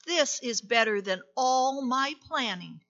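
Storybook boat, once a tree, hushed and wonder-struck, voiced high by a woman narrator. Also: animated, slow pace, dull audio, faint music behind, full character voice. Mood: awed joy. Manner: awed, breathy whisper. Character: little wooden boat, once a tree, overjoyed.

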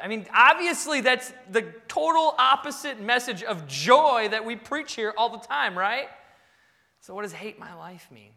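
A man preaching a sermon as pastor, swinging between loud bursts and quiet asides. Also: sits high. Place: church sanctuary. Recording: long reverb of a large hall.

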